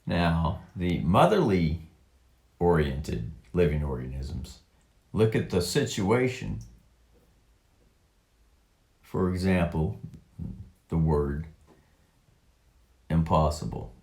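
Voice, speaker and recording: A man slowly reading a text aloud and commenting on it in a rambling monologue, halting with drawn-out words and many fillers. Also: low voice, very animated, darkish tone, echoey room. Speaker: online commentator.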